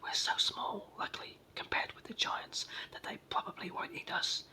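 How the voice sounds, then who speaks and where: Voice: normal speed, bright, forceful tone. A reader whispering a fretful little brownie in whispered role-play. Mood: gloomy. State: sore throat and cold. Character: small worried male brownie, gloomy.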